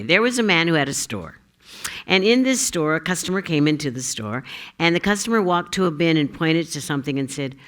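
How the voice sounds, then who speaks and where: Low-pitched woman minister, playful and giggly sermon delivery. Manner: giggly, joke-telling, animated. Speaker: minister giving the Sunday message.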